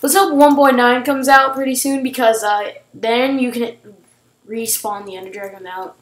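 A woman hosting casual gameplay commentary, excitable, shrieking and gasping at surprises. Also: on the high side, normal speed, reverberant, rough recording. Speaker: gaming channel host.

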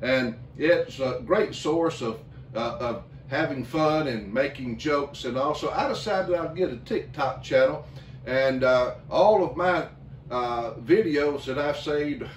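A male pastor leading a communion service, talking slowly with many fillers and restarts. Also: fairly high pitch, lively intonation, slight background noise. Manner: slow, halting, with many fillers. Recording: echoey room, mic at a distance.

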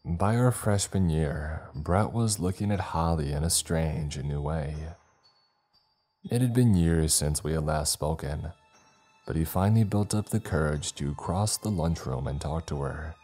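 A man narrating a scripted horror story in a slow, ominous manner. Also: rumbling low, lively intonation, mellow, breathy edge, faint music behind.

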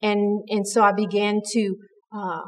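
A woman's voice: medium pitch, level tone, measured pace, long reverb tail. A woman giving an earnest, conversational devotional talk at church, with frequent restarts. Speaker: church speaker.

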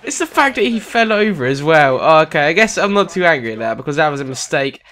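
A young British man giving gameplay commentary on a football video game, excitable and sarcastic, shouting at goals. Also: fairly high pitch, quick pace. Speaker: gaming commentator.

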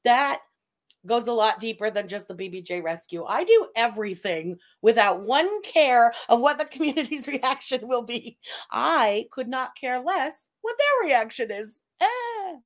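A woman's voice: fairly high pitch, sing-song, a little slow. Blunt, profane woman streamer. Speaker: streamer host. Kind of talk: casual livestream chat.

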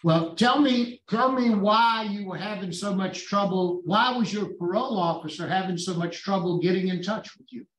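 A man's voice: high-pitched, moderate pace, hardly any pauses, fairly bright tone. A man on a parole board questions a parolee sternly and pointedly. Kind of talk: hearing interrogation. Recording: echoey room, speaker far from mic.

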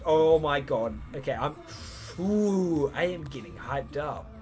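A man's voice: fairly high pitch, very animated, slow, pauses often, a little mellow, faint music behind. A young man hosting a reaction video, talking casually and breaking into hyped exclamations. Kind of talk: excited reaction commentary.

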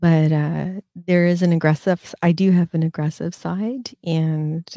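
Rambling fifty-something woman host, mellow voice. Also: on the low side, steady tone, measured pace, no room sound, studio quality. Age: 50s. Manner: rambling storyteller, many fillers and restarts. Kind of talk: casual livestream chat.

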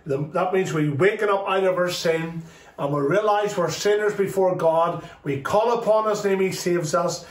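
A man's voice: normal speed, far from the mic. A man teaching a children's Sunday school lesson, telling a Bible story and acting out the dialogue as he goes. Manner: storytelling, quoting dialogue with lively shifts in pitch. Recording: roomy, from off-mic.

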